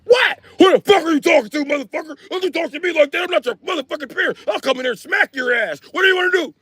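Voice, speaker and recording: A man voicing a furious, hot-headed male fast-food worker who screams threats. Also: pushed and bright, dry recording. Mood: enraged. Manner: screaming threats, high-pitched.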